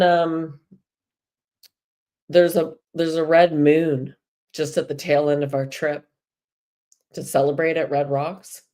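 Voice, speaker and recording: A low-voiced woman hosts a live spiritual talk for her viewers. She chats casually, drifts between stories and encouragement, and laughs easily as she goes. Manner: warm, chatty, laughs often. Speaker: host of a live spiritual energy show.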